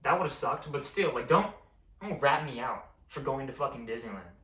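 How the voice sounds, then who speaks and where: Sounding fed up and swearing without restraint, a young adult vlogger recounts a school story. His medium-pitched voice is animated, brisk, bright and forceful. He is far from the mic, which gives the audio a roomy echo.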